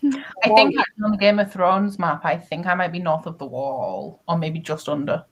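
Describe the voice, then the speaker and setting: A woman's voice: lowish voice, moderate pace. A young woman with a Wigan accent, chatting casually and playfully on a reading stream, laughing often. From North West England. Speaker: co-host of a reading sprint stream. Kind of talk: casual chat.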